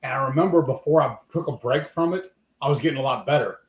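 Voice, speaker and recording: Male live stream host who chats quickly and haltingly, recorded with a roomy echo. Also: mid-range voice. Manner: halting, many um and uh fillers. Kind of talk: casual chat. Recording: roomy echo, faint noise.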